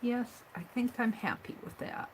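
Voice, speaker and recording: A woman's voice: a little high, measured pace, slight background noise, rough recording. A woman hosting a live craft stream, thinking aloud as she works, trailing off and murmuring under her breath. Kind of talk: live craft stream, talking while working.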